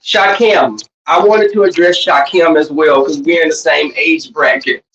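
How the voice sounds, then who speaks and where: Loud, profane and teasing, a livestream host chats casually with viewers, shouting now and then, drawling some words and rushing others. The voice is mid-range with background noise, and the recording sounds roomy, distant, dull and lo-fi.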